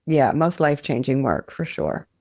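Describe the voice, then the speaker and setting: A woman's voice: a bass voice, very animated, moderate pace, warm tone, no room sound, studio quality. A young adult woman sharing her experience as a podcast guest, earnest and candid, with frequent fillers and restarts.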